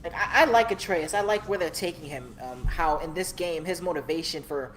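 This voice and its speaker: A woman guest on a gaming podcast, animated and frank, swearing casually as she talks. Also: sits low, fairly quick.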